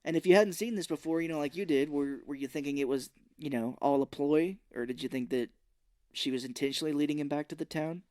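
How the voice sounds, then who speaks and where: A man's voice: on the high side, quick pace, no room sound, studio quality. A man co-hosting a podcast, recapping a film in casual chat and acting out scenes as he goes. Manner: animated storytelling, acts out scenes. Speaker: podcast co-host.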